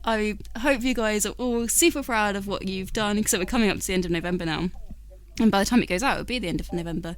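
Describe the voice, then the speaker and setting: A woman co-hosting a writing podcast, bubbly and quick to laugh in casual chat. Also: medium pitch. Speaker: podcast co-host.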